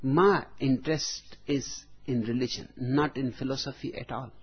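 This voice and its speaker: A man giving a spiritual discourse, speaking deliberately, phrase by phrase, with long pauses. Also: medium pitch, steady tone, slightly rough. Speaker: spiritual teacher. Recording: dull lo-fi recording.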